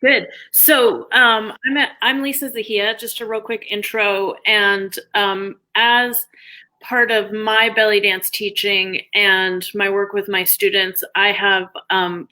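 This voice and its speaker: Woman host, bright forceful tone, upbeat, on a video call. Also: mid-range voice, level tone, slow, poor audio. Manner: upbeat, enthusiastic, many fillers. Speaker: host, belly dance teacher. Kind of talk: casual video-call interview.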